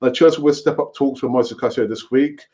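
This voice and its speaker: A man hosting a casual live football fan stream, talking in an animated, repetitive, rambling way. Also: mid-range voice, quick pace, lo-fi sound. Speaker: football fan channel host.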